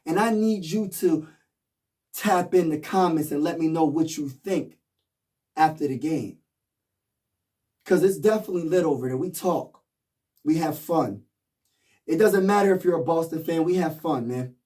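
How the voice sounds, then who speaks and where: A man's voice: on the high side, normal speed, pauses often, dark tone, distant mic. Hyped fan man, a bit off-mic. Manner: repetitive, rallying, slangy. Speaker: sports fan vlogger.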